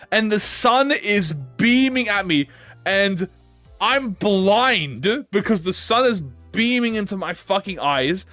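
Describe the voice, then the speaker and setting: Excitable, sweary male gaming YouTuber. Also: high-pitched, no room sound. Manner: excitable, heavy swearing, restarts mid-sentence. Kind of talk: casual story-time chat.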